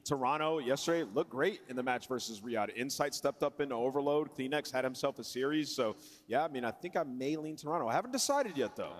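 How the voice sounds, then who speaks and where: A man giving esports predictions at a broadcast desk, relaxed and thinking aloud. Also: medium pitch, brisk, in a large hall. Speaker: esports analyst. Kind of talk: broadcast analysis.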